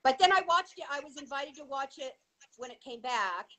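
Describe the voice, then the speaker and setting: A woman's voice: high-pitched, expressive, brisk, sharp tone, low-quality recording. A woman, an actress guest, chatting casually on a video call, giggly and hesitant with many restarts.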